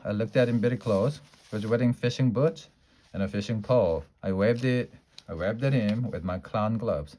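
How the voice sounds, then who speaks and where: A man with a fairly low voice reads a children's book aloud. He keeps it lively and playful. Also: normal speed. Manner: lively, playful character voices in a child's first-person story. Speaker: storybook reader.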